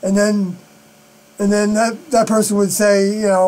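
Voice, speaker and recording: A man talking alone on a live stream, rambling and halting, with many fillers and unfinished sentences. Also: high-pitched, level tone, a little mellow, rough recording. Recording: mains hum behind the voice.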